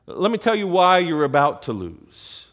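A man's voice: on the high side, sing-song, moderate pace, a bit bright. A man voicing a bold young shepherd boy who speaks up fearlessly, in a raised and emphatic delivery.

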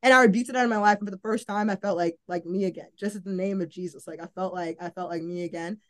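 Speaking fast in a steady, lowish voice, a young adult woman shares her faith story as a guest on a podcast. She plays college volleyball, keeps things casual and sincere, drops "like" often, and voices her own past thoughts as little performances.

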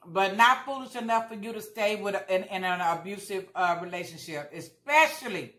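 A woman's voice: mid-range voice, lively intonation, normal speed, hardly any pauses, a bit bright, reverberant. A woman vlogger talking casually while she eats, chatty and repeating herself for emphasis. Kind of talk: casual mukbang chat.

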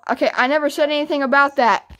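A woman's voice: sits high, fairly even intonation, fast, pushed and bright. A woman YouTuber arguing and taunting in a game voice chat, exasperated and argumentative. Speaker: gaming YouTuber.

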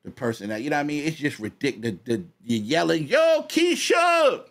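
A man's voice: medium pitch, fast talker, over a noisy crowd. A man, co-hosting a podcast in casual chat, rambling and repeating himself as he talks. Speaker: podcast co-host.

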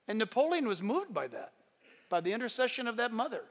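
A male pastor preaching a sermon with emphatic storytelling, shifting between loud declarations and hushed asides. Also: very high voice, big pitch swings, a little fast. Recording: long reverb in a large hall.

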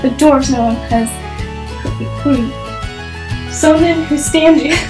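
A woman's voice: on the high side, takes it slowly, pauses often, echoey room, over music, low-quality recording. A young woman reviewing a podcast in a casual home vlog, chatty and giggly, with lots of fillers and restarts. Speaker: book vlogger.

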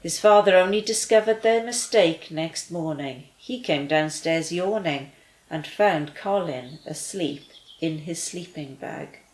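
A woman reading a children's story aloud with gentle, expressive delivery. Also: low voice, unhurried, reverberant, low-quality recording.

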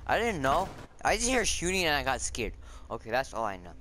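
A young man chatting casually over his own gameplay, jumpy and quick to yelp when startled. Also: mid-range voice, huge pitch swings, sharp tone. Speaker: gamer streaming his match. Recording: noisy game audio behind voice.

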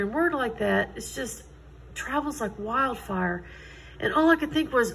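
A woman's voice: a little high, animated, a little slow, creaky, a bit bright, slight background noise, rough recording. A middle-aged woman, telling her personal faith story in an earnest, conversational way. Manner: earnest, conversational, quotes others in dialogue. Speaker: Christian testimony speaker.

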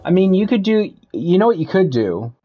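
A man's voice: high voice, sing-song, normal speed, slightly rough, lo-fi sound, faint music behind. Joking man streaming games. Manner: loose, joking, swears freely. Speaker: game streamer. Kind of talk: casual live-stream chat while gaming.

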